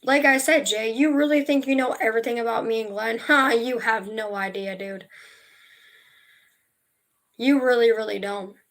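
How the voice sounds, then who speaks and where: A woman's voice: on the high side, steady tone, brisk, few pauses, fairly bright tone. A young woman talking casually on a livestream, emotional and rambling, swearing freely as she tells a personal story. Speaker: vlogger.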